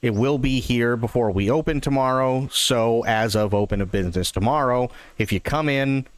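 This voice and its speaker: A man doing a polite low-voiced grocery clerk. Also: moderate pace, no room sound, natural voice. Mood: patient. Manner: lowered, overly polite voice. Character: patient male grocery clerk in a joke.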